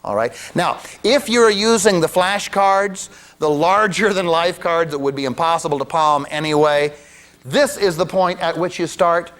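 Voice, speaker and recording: A man's voice: on the high side, normal speed, fairly bright tone. A man who works as a mentalist, teaching a card routine in a chatty way, with joking asides and frequent restarts. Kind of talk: demonstration lecture.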